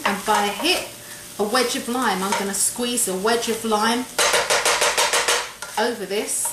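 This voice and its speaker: A woman's voice: on the high side, fairly even intonation, measured pace, pauses often. A woman hosting a casual cooking demonstration in a home kitchen, chatty and repeating her phrases as she tastes the food. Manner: chatty, repeats phrases, talks while eating. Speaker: cooking show host. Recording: echoey kitchen with faint noise.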